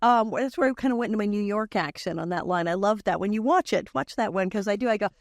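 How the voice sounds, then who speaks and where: An older woman tells a story in casual chat on a dry, close podcast mic. Her pitch sits in a middle range. She jumps into quoted voices and laughs as she goes. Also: fast, dry recording. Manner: animated, acts out voices in quoted lines, laughs often. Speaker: guest, former child actress.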